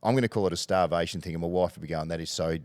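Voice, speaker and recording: A middle-aged Australian man, a former football coach, telling lively anecdotes on a podcast and acting out the voices he quotes. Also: low voice, racing, dry recording, clean studio sound. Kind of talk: podcast storytelling.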